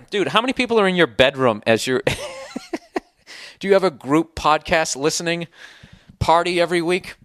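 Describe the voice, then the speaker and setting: A man's voice: fairly high pitch, animated, brisk, a bit bright, dry recording, studio quality. A middle-aged man with a Boston accent hosting a podcast, delivering a sarcastic, profane, heated rant. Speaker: podcast host. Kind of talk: ranting monologue.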